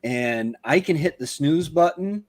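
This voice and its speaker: A man chatting casually as a co-host, a relaxed storyteller who laughs at his own stories. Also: on the high side, a little slow, a little hiss or hum. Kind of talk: casual chat.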